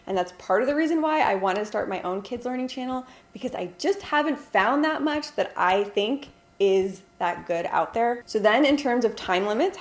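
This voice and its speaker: Young mom vlogger, mid-pitched, earnest explainer, echoey home room. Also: female voice. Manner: earnest, explanatory, models slow simple phrases for a toddler. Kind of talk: casual advice vlog.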